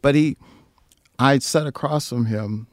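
A man telling stories in a casual chat, swearing freely, laughing often and jumping into loud, high mimicry. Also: a little slow, no room sound. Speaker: guest musician. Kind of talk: casual storytelling.

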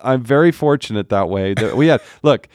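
A man's voice: mid-range voice, moderate pace, no echo, clean studio sound. A middle-aged man, a former politician, chatting as a podcast guest and telling stories with laughs and acted-out quotes. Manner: animated, laughs often, acts out quotes. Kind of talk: casual storytelling chat.

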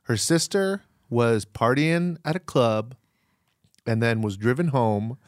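A man's voice: medium pitch, slow pace, no echo, clean studio sound. A man co-hosting a podcast, riffing in a sarcastic, jokey way in casual conversation. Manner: sarcastic, riffing with absurd jokes. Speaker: podcast co-host. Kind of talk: casual comedic chat.

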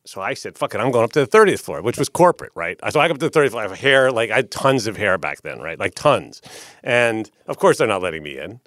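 Fast, profane storyteller man, dry close mic, keeps asking "right?". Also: on the low side, sing-song, fairly bright tone, dry recording. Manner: profane, tags lines with "right?". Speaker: record label executive, interview guest. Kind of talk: animated storytelling in casual interview.

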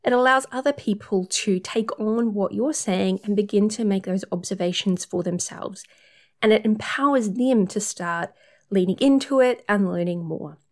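A woman's voice: mid-range voice, moderate pace. A woman working as a period coach, talking through numbered tips in an upbeat, casual advice monologue.

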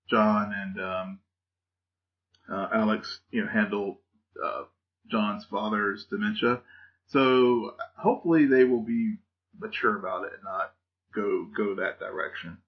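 A man's voice: fairly low pitch, fairly even intonation, measured pace. A man co-hosting a casual TV review podcast, talking hesitantly with lots of fillers and laughs. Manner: hesitant, many fillers and restarts, laughs often. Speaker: podcast co-host. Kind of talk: casual chat reviewing TV shows. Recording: dull lo-fi audio.

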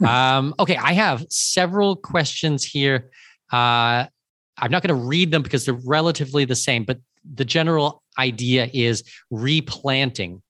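A man's voice: medium pitch, moderate pace, a bit bright, dry recording. Man hosting a Q&A, dry close sound. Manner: friendly, paraphrasing audience questions. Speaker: podcast host moderating questions. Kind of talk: casual webinar Q&A.

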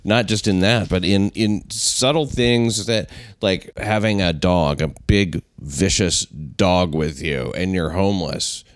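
A man's voice: deep voice, takes it slowly, no room sound. A man with a New York accent hosting a casual chat, dropping wry quips. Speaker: podcast host.

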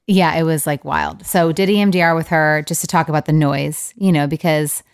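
A woman's voice: low voice, steady tone, normal speed, clear, resonant tone. A woman co-hosting a podcast, telling a personal story in a candid, rambling way. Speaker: podcast co-host. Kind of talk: casual chat.

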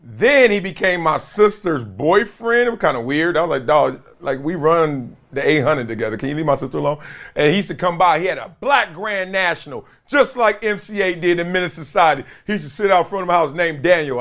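A man hosting a show, telling football stories in a casual, animated way, laughing often and acting out other people's lines in a raised voice. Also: on the high side. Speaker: former NFL player and podcast host. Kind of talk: casual storytelling chat.

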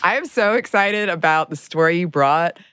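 An enthusiastic woman hosts a podcast with a playful, chatty manner. Her voice is very low for a woman and sounds dry, with no room around it. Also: lively intonation, normal speed, fairly bright tone, clear, resonant tone, no room sound. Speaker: podcast host. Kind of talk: casual podcast chat.

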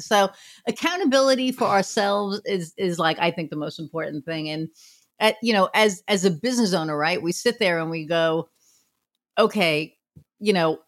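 A woman chatting in a relaxed, candid way, with a middle-pitched voice. She swears freely and slips into quoting what she and others said. She runs a marketing business. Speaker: podcast guest, marketing business owner. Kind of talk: casual chat.

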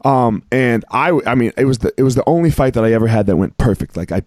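Male host, excitable storyteller, rambling with many fillers, dry close sound. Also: medium pitch, quick pace, dry recording. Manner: rambling, heavy on filler words and restarts; excitable, emphatic. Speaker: podcast host. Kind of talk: casual storytelling chat.

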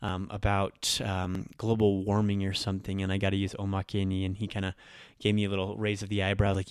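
A man's voice: fairly low pitch, little pitch movement, fairly quick, a little mellow, clean tone, dry recording. A man hosting a podcast lesson, explaining grammar in a friendly, casual way with occasional ums and self-corrections. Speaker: Japanese language teacher and podcast host.

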